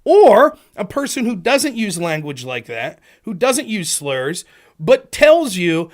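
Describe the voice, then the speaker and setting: Animated, high-pitched male livestream host. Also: slow pace. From Pennsylvania. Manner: animated, argumentative, acts out quoted exchanges. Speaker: political talk show host. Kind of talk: livestream monologue.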